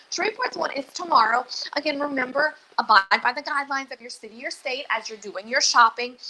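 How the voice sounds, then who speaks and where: A woman's voice: sits high, sharp tone, slight background noise, low-quality recording. A woman hosting a live cooking demonstration as a dietitian, chatty, upbeat and a little nervous. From Louisiana. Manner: chatty and self-deprecating, nervous but upbeat.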